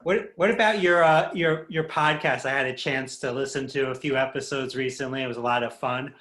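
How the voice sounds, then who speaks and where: A man's voice: mid-range voice, brisk, fairly bright tone. A man co-hosting a podcast, asking questions casually and restarting his phrases as he searches for words. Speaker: podcast co-host. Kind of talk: casual interview chat. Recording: roomy-sounding mic.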